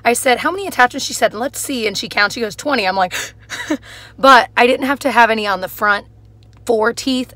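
A woman's voice: mid-range voice, fairly bright tone, no echo. A young woman vlogging casually to camera, chatty and full of filler words, with a slight lisp from new dental aligners. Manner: chatty, openly nervous, lots of "like" fillers.

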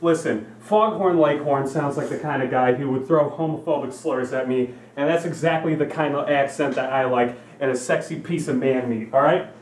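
A man's voice: mid-range voice, normal speed, few pauses, roomy sound, recorded from a distance. A young man delivering a profane, rambling comedy rant, repeating himself to hammer points. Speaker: comedy vlogger.

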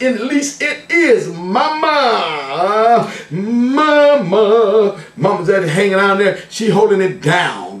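An older man, a pastor, greeting his family and viewers in a playful, folksy way, peppering his talk with "glory to God" and "amen". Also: a little high. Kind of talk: church service shout-outs. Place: church sanctuary. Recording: echoey church sound from a distance.

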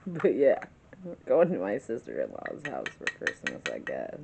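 Woman, vlogger, casual chat-with-me storytelling, slow drawn-out pace, chatty, laughing, swears casually. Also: a bass voice, very animated, gravelly, noisy background.

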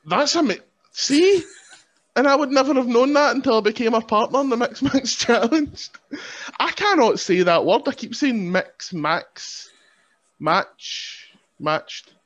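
A man's voice: very high voice, animated, measured pace, a bit bright. A man with a Scottish accent chatting as a podcast guest, joking and rambling in a self-mocking way. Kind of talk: casual chat. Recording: lo-fi, dull sound.

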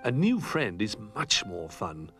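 Male storyteller, children's book, expressive, very lively intonation, soft music behind. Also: fairly low pitch, a little slow. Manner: expressive, animated.

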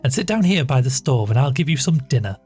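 A man voicing a warm-hearted but stiff country hostess who speaks with hesitation. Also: mid-range voice, sing-song, soft background music, close to an everyday voice. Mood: hesitant. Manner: hesitant and slow, a little constrained.

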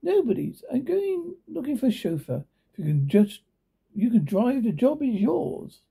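A man's voice: very high-pitched, big pitch swings, normal speed, gravelly, dark tone, breathy edge, pitched above the performer's own voice, heavily acted. A man reading a storybook, voicing a scheming rich woman who gives clipped, coolly commanding orders. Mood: coaxing.

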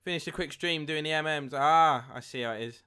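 A young man live-streaming a football game, chatting with viewers and getting excited at near misses. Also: fairly high pitch, fairly quick, smooth. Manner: chatty, reads chat aloud, excitable at goals. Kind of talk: live gameplay commentary and chat.

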